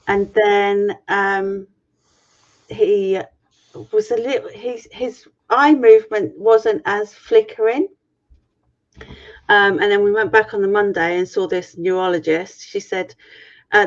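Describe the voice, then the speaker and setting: A middle-aged woman on a video call, frankly and swearily retelling an ordeal in a personal story. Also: medium pitch. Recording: muffled lo-fi stream audio.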